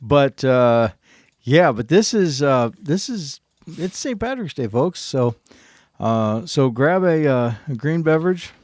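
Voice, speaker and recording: A middle-aged man hosts a live stream in a jokey, casual way. His pitch swings lively up and down, and the recording is dry and close. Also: slow, no room sound. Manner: jokey and playful, lots of fillers. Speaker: co-host of a trading live stream.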